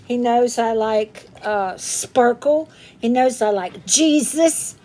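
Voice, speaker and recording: A woman's voice: fairly high pitch, slow pace, mellow, slight background noise. A woman hosting a craft livestream in casual, rambling chat, greeting viewers by name and laughing often.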